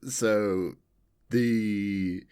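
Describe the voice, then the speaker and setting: A man co-hosting a podcast in casual chat, from the Southern United States, telling stories in an animated way and laughing often. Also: lowish voice, drawn-out words, smooth. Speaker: podcast co-host.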